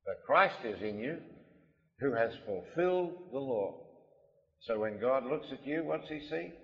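A man preaching a sermon, emphatic, repeating his key lines and swinging between loud and soft delivery. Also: medium pitch, animated, measured pace, gravelly. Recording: lo-fi recording in a reverberant hall.

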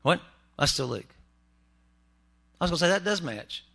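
A man's voice: on the high side, lively intonation, moderate pace, creaky, pushed and bright. A man preaching a humorous sermon in a church, with joking asides to the congregation. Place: church sanctuary.

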